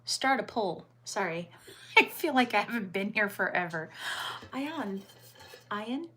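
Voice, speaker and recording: A woman's voice: medium pitch, animated, moderate pace. Chatty American woman streaming from home. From United States. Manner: chatty, answers viewer comments aloud, drops into soft muttered asides. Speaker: livestream host. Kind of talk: casual livestream chat.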